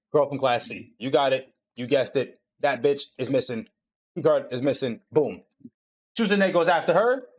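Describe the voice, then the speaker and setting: Animated, profane young man recapping. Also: a little high. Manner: animated, profane storytelling with acted-out quotes. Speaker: podcast host recapping an anime. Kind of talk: casual chat.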